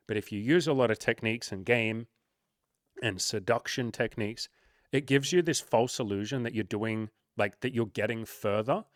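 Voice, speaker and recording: A man's voice: medium pitch, dry recording, studio quality. A young man and dating coach speaking candidly in a casual monologue, often acting out quoted voices.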